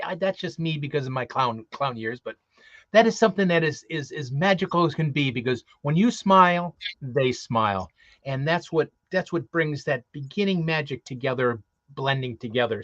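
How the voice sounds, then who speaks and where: A slightly high-voiced man talks earnestly about performing as Santa and often circles back and restarts his sentences. The sound is muffled and lo-fi. There is no room echo at all. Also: fairly bright tone. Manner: earnest, rambling with repeated restarts. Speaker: co-host, Santa performer and magician. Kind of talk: casual live-stream talk.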